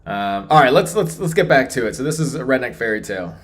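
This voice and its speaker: A man's voice: mid-range voice, lively intonation, fast, music in the background. Rambling man chatting on a stream. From Texas. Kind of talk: casual live-stream commentary.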